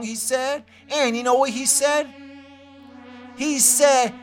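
High-voiced rambling man preaching. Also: animated, unhurried, long pauses, a bit bright, soft background music. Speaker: self-proclaimed prophet. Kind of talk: comic monologue.

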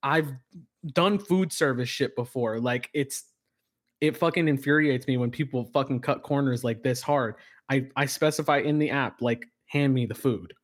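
With a mid-range voice at normal speed, a man co-hosts a podcast. He tells stories animatedly in casual, high-energy talk, swearing heavily throughout.

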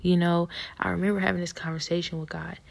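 A woman speaks in a low, flat, husky voice with a gravelly edge, often slipping into a half-whisper. She talks softly and haltingly, giving a personal testimony of faith.

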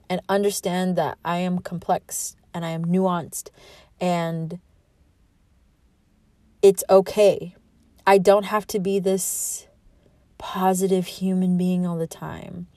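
A woman's voice: fairly low pitch, steady tone, slow, pauses often, mellow, no room sound. A woman in her twenties hosting a solo podcast, talking in a candid, rambling, heartfelt way about herself and her feelings. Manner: rambling, heartfelt, self-reflective, with laughs. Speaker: podcast host.

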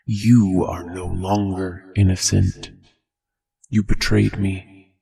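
An ancient gravelly monster god. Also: level tone, mellow, full character voice. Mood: bitter. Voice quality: deep gravelly rumble. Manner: slow, menacing, mocking. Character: ancient serpent-faced monster god, huge, scornful. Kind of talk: storybook reading.

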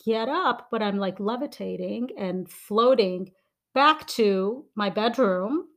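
A woman's voice: mid-range voice, expressive, slow pace. Woman telling a story with many ums. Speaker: podcast co-host. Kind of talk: casual chat.

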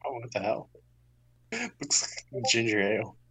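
A man's voice: mid-range voice, big pitch swings, unhurried, a bit bright, low-quality recording. Laid-back man in casual podcast banter.

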